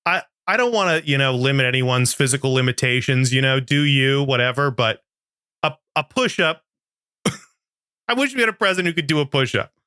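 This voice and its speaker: A man's voice: mid-range voice, expressive, moderate pace, pushed and bright, smooth, no room sound, studio quality. A man co-hosting a podcast, chatting casually and joking with frequent laughs. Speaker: podcast co-host. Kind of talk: casual comedic chat.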